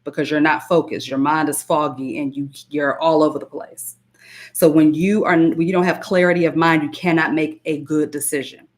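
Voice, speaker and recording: A woman's voice: low-pitched, fairly even intonation, normal speed. A woman giving emphatic spiritual self-help advice on a live stream, repeating phrases and greeting viewers by name. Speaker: spiritual coach and hypnotist.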